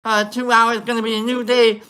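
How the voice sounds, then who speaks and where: A livestream host in casual, goofy chat, rambling with many fillers while giving shoutouts to viewers. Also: medium pitch, flat delivery, normal speed, clean tone.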